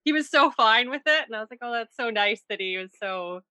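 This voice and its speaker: A woman co-hosting a book club podcast, telling an anecdote in an animated, casual way. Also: fairly high pitch, a little fast, clear, resonant tone, no echo. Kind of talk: casual chat.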